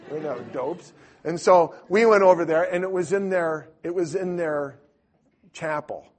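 A man's voice: high-pitched, moderate pace. Older man telling a rambling story. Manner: rambling, animated, lots of restarts. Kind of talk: casual storytelling.

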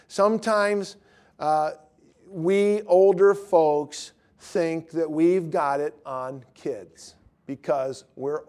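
A man in his fifties teaching a class on evangelism, telling stories and pressing his listeners with emphatic questions. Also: a little high. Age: 50s. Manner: animated storytelling, rising to emphatic questions.

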